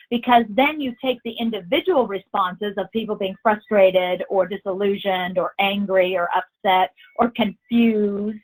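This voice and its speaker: A woman's voice: medium pitch, rough recording. A woman presenting a corporate training webinar, emphatic and encouraging, repeating her key phrases.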